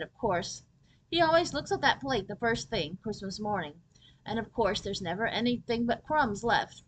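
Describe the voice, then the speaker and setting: A woman reading a children's chapter book aloud as a storyteller, with lively first-person narration. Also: mid-range voice, slight background noise, rough recording.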